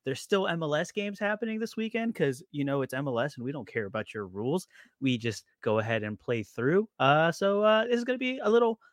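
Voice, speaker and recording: A man hosting a casual podcast chat, out of breath, talking in an excitable, joking, rambling way. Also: a little high, brisk, no room sound, clean studio sound. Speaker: podcast host.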